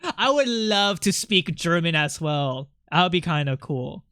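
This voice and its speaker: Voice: medium pitch, big pitch swings, unhurried, sharp tone, clear, resonant tone, no echo, clean studio sound. A streamer chatting casually and playfully with chat while drawing, rambling with lots of fillers.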